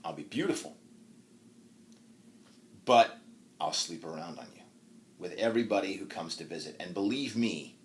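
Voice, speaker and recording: A man's voice: low voice, lively intonation, normal speed, pauses often, pitched below the performer's own voice. A man voicing a shrewd, teasing old woman, a hag, in a retold tale; he speaks slyly and mockingly. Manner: sly, mocking.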